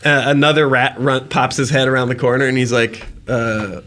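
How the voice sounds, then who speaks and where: A man narrating as dungeon master in a tabletop game, slowly painting vivid, gross scene details and laughing at them. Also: mid-range voice, fairly even intonation, sharp tone, slight background noise.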